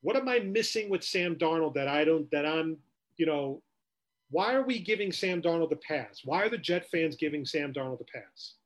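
A man's voice: a little high, lively intonation, moderate pace. A man co-hosting a sports podcast, ranting with rhetorical questions in casual talk.

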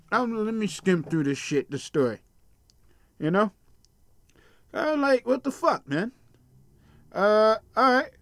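A man hosting a podcast, ranting casually about a news story, swearing bluntly and stumbling over names as he reads. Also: high voice. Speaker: podcast host. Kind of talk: casual profane rant reading a news story.

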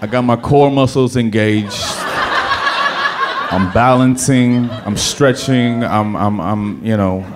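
A man telling a personal story to a live audience, animated, with stammering restarts and sudden bursts of emphasis. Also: fairly low pitch, slow, a crowd in the background.

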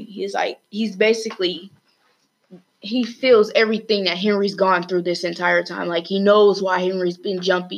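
A woman's voice: mid-range voice, slight background noise. A woman casually retelling a story as a student podcast host, rambling with lots of fillers and restarts.

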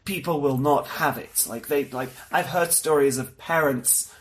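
A young man from Mexico chatting casually as a podcast co-host, animated and laughing often. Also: fairly high pitch, measured pace. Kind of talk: casual chat.

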